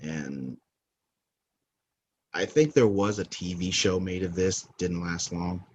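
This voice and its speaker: A man hosts a movie countdown podcast in casual, opinionated talk. His voice sits very low, and he takes his time. He wanders and corrects himself as he goes. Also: takes it slowly, a little mellow, a little hiss or hum. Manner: rambling, opinionated, self-correcting. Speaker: podcast host.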